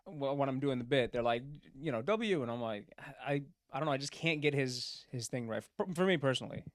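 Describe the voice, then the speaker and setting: A man's voice: mid-range voice, fast, dry recording. Casual young man, comedian chatting. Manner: relaxed, joking, does president impressions. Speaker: stand-up comedian guest. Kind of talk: casual podcast chat.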